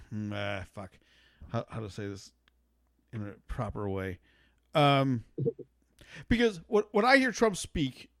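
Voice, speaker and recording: A man's voice: medium pitch, no echo, studio quality. A man hosting a podcast, debating casually, stammering through restarts and swearing as he gets worked up. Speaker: podcast host.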